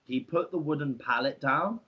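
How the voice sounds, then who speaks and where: A man's voice: on the high side, normal speed, fairly bright tone. A man co-hosting a podcast, telling stories about farm work in a chatty, rambling way with many restarts. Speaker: podcast co-host. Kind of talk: casual storytelling.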